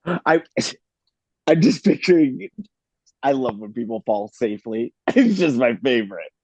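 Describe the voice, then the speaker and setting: A man as a podcast guest over a video call, excitable and rambling. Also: mid-range voice, unhurried, no room sound. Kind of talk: casual chat.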